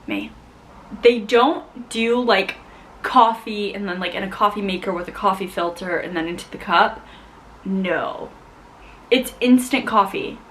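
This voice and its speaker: A young woman from the United States chatting casually to camera as a vlogger, animated and full of "like". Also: mid-range voice, unhurried, poor audio. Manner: chatty, animated, heavy use of "like". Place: home in Scotland.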